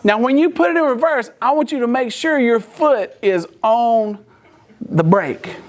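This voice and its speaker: A man's voice: sits high, measured pace, slight background noise. A man giving a sermon-style talk as a church speaker, acting out the people in his story and laughing often as he tells it.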